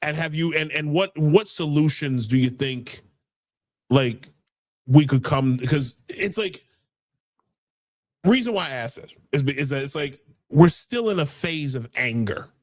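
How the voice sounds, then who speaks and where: A man's voice: fairly high pitch, measured pace. A man hosting a casual political talk show, heated and rambling, often repeating words as he builds his point. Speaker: podcast host.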